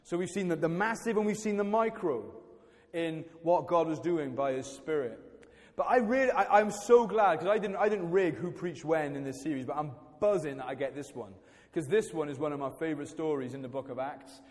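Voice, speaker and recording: A man's voice: fairly high pitch, brisk. A man preaching a sermon in a chatty, self-deprecating way, often restarting his sentences. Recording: church hall reverb.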